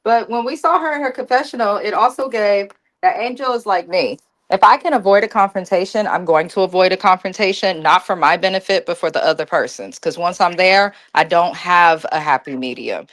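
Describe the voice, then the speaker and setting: A woman's voice: lowish voice, a little fast, fairly bright tone. A woman co-hosting a casual reality TV recap, giving emphatic opinions and repeating her points for effect. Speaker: podcast co-host.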